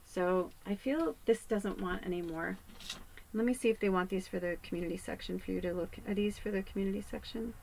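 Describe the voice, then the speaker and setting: A woman, a psychic medium, giving a casual spiritual card reading in a rambling, animated way that keeps dropping into hushed asides. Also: mid-range voice, a little fast, vocal fry, slight background noise, low-quality recording.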